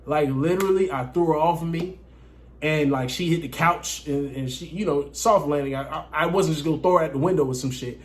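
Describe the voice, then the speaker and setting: Man, higher-pitched, casual storytelling, profane, keeps saying guys. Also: a little fast. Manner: profane, animated, keeps addressing viewers as guys. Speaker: dating coach vlogger.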